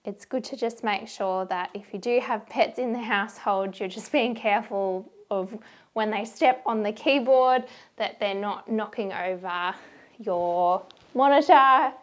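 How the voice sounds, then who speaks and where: A woman's voice: medium pitch, unhurried. A young woman presenting a workplace safety video in a friendly, chatty instructional way. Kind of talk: casual instructional talk.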